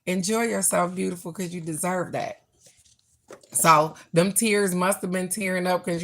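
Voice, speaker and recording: A middle-aged woman with a somewhat low voice hosts a relaxed card reading for her online viewers. She talks straight to them in a blunt, affectionate, chatty way. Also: a little slow. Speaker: oracle card reader. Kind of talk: casual live-stream card reading.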